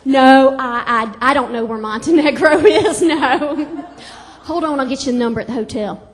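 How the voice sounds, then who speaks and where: Lady doing her mom on the phone, loud and drawly, real high and bragging. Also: moderate pace, lightly acted. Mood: flustered. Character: chatty proud Southern mom on the phone.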